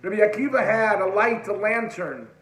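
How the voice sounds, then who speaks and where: Male religious speaker, higher voice, dramatic story-sermon with hushed emotional moments, echoey room, soft music bed. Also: moderate pace. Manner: sprinkles Hebrew religious terms.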